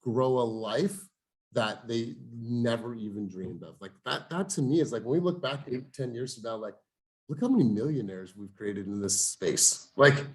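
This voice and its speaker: An energetic man hosting a motivational coaching call over video, calling on each team member and saying "you guys" often. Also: mid-range voice, moderate pace.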